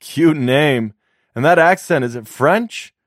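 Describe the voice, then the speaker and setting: A man voicing a friendly, chatty young man who talks eagerly in a raised, higher voice. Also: lively intonation, slow, no room sound, studio quality.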